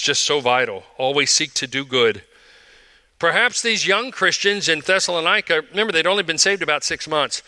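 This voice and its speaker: A man's voice: medium pitch, pushed and bright, dry recording. A man in his sixties, a pastor preaching a sermon in an emphatic, conversational way.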